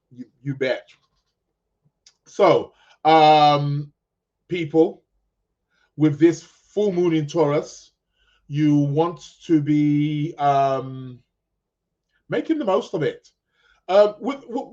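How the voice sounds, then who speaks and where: Slow, rambling male podcast host. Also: on the high side, darkish tone, dull audio. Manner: slow, rambling, many ums and restarts; chuckling, addresses listeners as "people". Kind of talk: casual live astrology chat.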